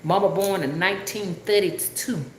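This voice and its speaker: A woman's voice: mid-range voice, moderate pace, reverberant, a little hiss or hum. A woman with a Southern Alabama drawl, talking casually and rambling to a livestream audience, often asking if they understand. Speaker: spiritual rootworker livestreamer.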